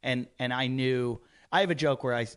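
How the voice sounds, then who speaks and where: A man guesting on a comedy podcast in a studio tells a lively story with plenty of swearing. His voice sits at an ordinary middle pitch. He mimics the people he talks about as he goes. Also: moderate pace, smooth. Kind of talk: casual chat, storytelling.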